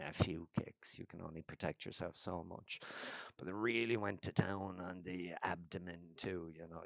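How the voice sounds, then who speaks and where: Gravelly deep man ranting. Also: no room sound. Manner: sardonic, sweary, halting with restarts. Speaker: vlogger. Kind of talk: casual profane rant.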